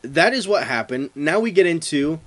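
Brief: male podcast co-host with a slightly high voice, casual and joking. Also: lively intonation, normal speed. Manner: joking, acts out quoted voices. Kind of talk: casual chat.

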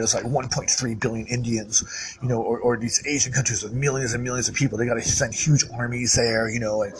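A man in a mid-pitched voice rambles through a solo monologue, circling back and repeating himself. His talk is loose and unscripted, packed with fillers and false starts, with a faint hum of room ambience behind him. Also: low-quality recording.

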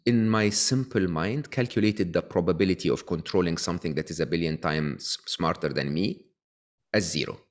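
Lower-voiced man making his point. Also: normal speed. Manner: frequent tag questions and restarts. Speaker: guest author. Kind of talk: conversational interview explanation.

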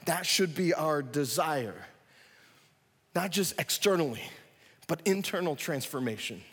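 A man preaching a sermon, animated, acting out scenes with sudden loud excited bursts. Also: on the high side, unhurried, husky, in a large hall. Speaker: pastor.

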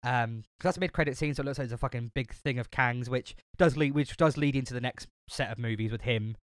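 A man's voice: mid-range voice, fast, no echo, studio quality. A man casually chatting about a film on a podcast, full of fillers, restarts and swearing. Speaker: podcast co-host.

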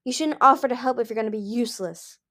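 A woman's voice: fairly high pitch, fast talker, fairly bright tone, voice pushed up, natural voice. A woman reading the lines of a grieving, furious male sea dragon king, harsh and roaring.

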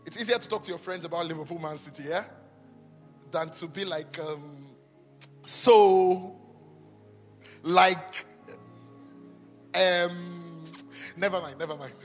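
A man preaching a sermon in a church, impassioned, often shouting with a sing-song cadence. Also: high voice, takes it slowly, pauses often. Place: church auditorium. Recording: echoey hall with faint music.

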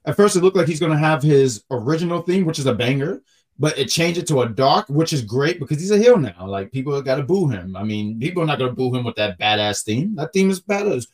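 A man co-hosting a wrestling podcast, excitable and quick to laugh, often stumbling over his words. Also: a little high. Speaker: podcast co-host. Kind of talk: casual wrestling chat.

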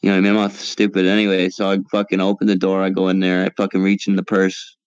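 A man with a lowish voice tells a rambling, profane story in a group voice chat. The sound is muffled and lo-fi, with a dry, close feel. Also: completely flat delivery, quick pace, clean tone, no room sound. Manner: profane, rambling storyteller, talks over others. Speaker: guest telling a story. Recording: dull, lo-fi mic.

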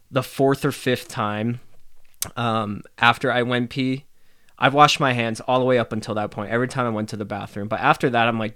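A man's voice: medium pitch, a bit bright, clean tone, no room sound. Dry-voiced rambling man on a podcast. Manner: rambling, profane, laughs often. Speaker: podcast host. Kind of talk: casual solo podcast rant.

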